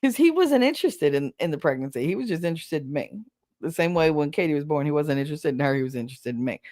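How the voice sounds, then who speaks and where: A woman's voice: deep voice, expressive, quick pace, darkish tone. A middle-aged woman hosting a podcast, telling a story in a casual, blunt and profane way, laughing as she goes. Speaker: podcast host.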